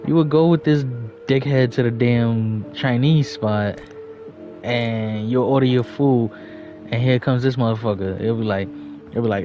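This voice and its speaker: A man's voice: medium pitch, unhurried, over music. New man, profane casual storytelling. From New York. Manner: loose, profane, chuckling storyteller. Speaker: livestreamer. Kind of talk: casual storytelling while gaming.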